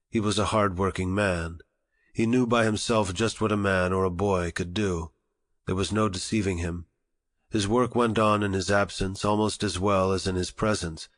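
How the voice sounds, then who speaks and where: A man narrating an audiobook in a measured, formal reading style. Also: low voice. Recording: long reverberant echo.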